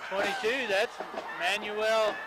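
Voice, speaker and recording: An older man doing color commentary on a high school football radio broadcast, plain and matter-of-fact. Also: steady tone, slow pace, heavy background noise. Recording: loud band music behind.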